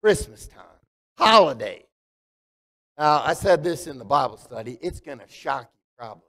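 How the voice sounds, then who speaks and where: In a church sanctuary with long hall reverb, a male pastor preaches a conversational sermon, asking the congregation questions. His voice is fairly high, expressive, and sharp, at normal speed.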